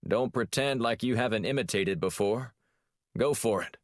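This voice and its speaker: A man performs a brusque, gruff older spy chief with a love of cigars, pitching his mid-range voice above his own natural one and acting it lightly. He keeps a moderate pace, and the recording is dry with clean studio sound.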